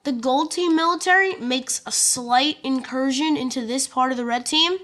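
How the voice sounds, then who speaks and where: A woman's voice: sits high, moderate pace, a bit bright. A woman narrating an alternate-history map story in a casual, chatty way, with fillers and jokey asides.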